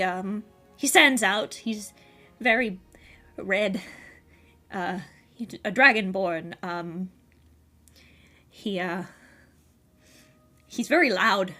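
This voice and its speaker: A woman voicing a nervous, scarred man with snake eyes who stammers softly and hesitantly. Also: mid-range voice. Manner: hesitant, stammering, soft and jittery.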